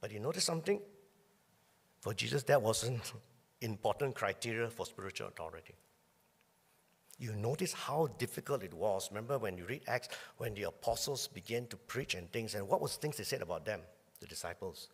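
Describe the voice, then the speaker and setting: A male pastor giving a conversational sermon, often clearing his throat as he talks. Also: lowish voice, animated, moderate pace, pauses often, in a large hall. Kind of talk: sermon with personal storytelling. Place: church hall.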